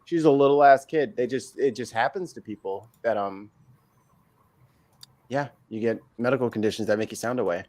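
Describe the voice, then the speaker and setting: A man co-hosting a loose group chat, talking in a middle pitch. He gets excitable and trips over his words, with many restarts as he explains things. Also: moderate pace. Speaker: podcast co-host.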